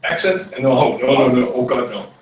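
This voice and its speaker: A man's voice: mid-range voice, moderate pace, crowd noise. A man in playful improv-game banter on a comedy podcast, laughing easily, in a roomy echo from a distant mic. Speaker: comedy troupe member.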